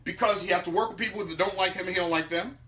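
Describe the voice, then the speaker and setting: An emphatic man with a high, bright voice tells a personal story to an audience. He swings from loud outbursts down to hushed, low asides. His delivery stays animated throughout. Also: racing. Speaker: speaker teaching about money.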